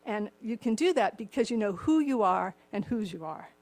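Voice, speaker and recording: A woman's voice: mid-range voice, lively intonation, normal speed. An older woman preaching a sermon, with a slightly cracked voice and chuckling asides. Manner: warm chuckling asides, acts out the story voices.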